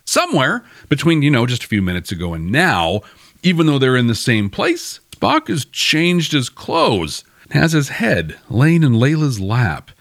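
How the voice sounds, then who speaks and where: A man hosting a podcast, recapping a TV episode in a chatty, wry way. His mid-pitched voice swings around lively. The recording is dry and close. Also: measured pace, dry recording. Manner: chatty and wry, laughing at his own jokes. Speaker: podcast host. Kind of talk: casual episode review narration.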